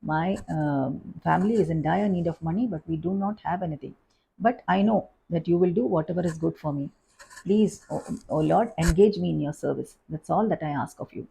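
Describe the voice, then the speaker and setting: A woman's voice: fairly low pitch, fairly quick, vocal fry, mellow, slightly rough, heavily acted. A woman voicing a humble poor devotee praying. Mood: pleading.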